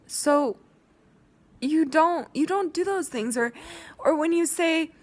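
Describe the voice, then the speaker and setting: Young woman, vlogger, slow unhurried speech, rambling, restarts, insistent scolding. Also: high-pitched, darkish tone. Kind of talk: emotional rant to camera.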